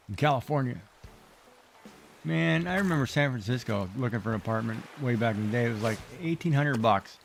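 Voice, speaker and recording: A man's voice: mid-range voice, creaky. Rambling, exclamatory middle-aged male streamer. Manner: rambling, exclamatory, talks back to game characters. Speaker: game streamer. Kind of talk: casual chat while playing.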